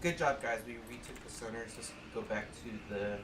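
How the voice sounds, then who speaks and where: A man's voice: mid-range voice, brisk, echoey room, background noise. A man in his thirties co-hosting a podcast, joking and calling out game objectives on a livestream. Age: 30s. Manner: jokey, calls out game objectives. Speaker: podcast co-host. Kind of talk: casual chat while gaming on a livestream.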